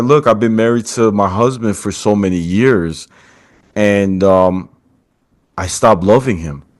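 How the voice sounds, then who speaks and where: Low-voiced guy hosting a podcast, telling a story and doing little voices for the quotes. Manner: animated storyteller, acts out quotes. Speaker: podcast host. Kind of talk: casual storytelling chat.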